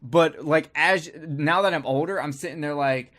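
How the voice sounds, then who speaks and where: A man's voice: on the high side, moderate pace, few pauses, a bit bright. A man co-hosting a podcast, rambling and joking crudely in casual banter with friends. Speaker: podcast co-host.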